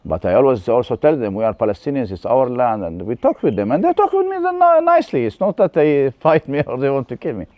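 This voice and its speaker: A man with an Arabic accent, a guest telling his life story in halting English with many restarts. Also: medium pitch, animated, dry recording, highs cut off. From West Bank. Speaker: interview guest.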